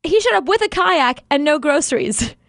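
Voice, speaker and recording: A high-voiced woman radio host swooping up and down as she tells stories, laughing often. Her voice is close and dry at a studio mic, casual and chatty. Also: normal speed, dry recording. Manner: animated storyteller, laughs often. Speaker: radio talk show host.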